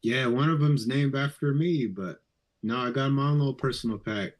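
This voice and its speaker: Laid-back guy on a group call, mid-pitched, keeps his answers short. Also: moderate pace. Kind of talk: casual chat on a live video call.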